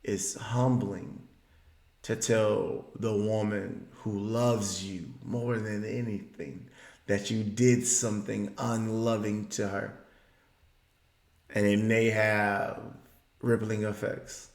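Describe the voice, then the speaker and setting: A man from the Southern US telling a personal story as a speaker, moving between hushed reflection and loud, emphatic bursts. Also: on the low side, level tone, slow pace, echoey room.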